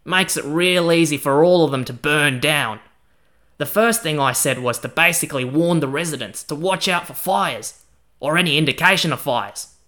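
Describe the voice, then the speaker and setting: A man voicing a cheery, slangy male night watchman from an old Chinese city, speaking loudly and casually. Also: on the high side, normal speed. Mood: matter-of-fact. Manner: loud, matey, casual, full of slang.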